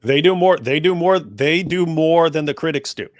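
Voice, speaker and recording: A man's voice: a little high, normal speed, dry recording, clean studio sound. A man co-hosting a livestream who stumbles and restarts often, then mocks opponents by mimicking them. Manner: hesitant, many restarts, mocking mimicry. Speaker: livestream co-host. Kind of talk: livestream discussion.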